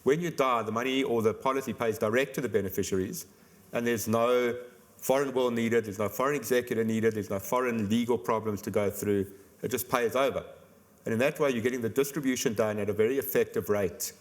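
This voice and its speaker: Man, quick talker, explanatory, lots of "you know" fillers, panel guest. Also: mid-range voice. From South Africa. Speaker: insurance company expert guest. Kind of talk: conference panel discussion.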